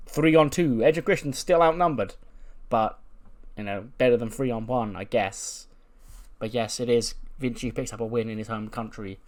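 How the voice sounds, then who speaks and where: Male gaming host, laid-back playthrough commentary, mid-pitched, swears casually. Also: moderate pace, a little mellow.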